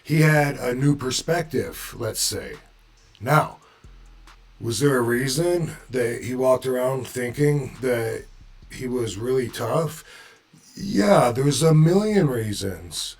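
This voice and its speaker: A laid-back man telling a story in a casual, unhurried way. His pitch sits in an ordinary middle range, and he swears freely as he chuckles through it. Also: lively intonation, vocal fry, a little mellow, faint music behind.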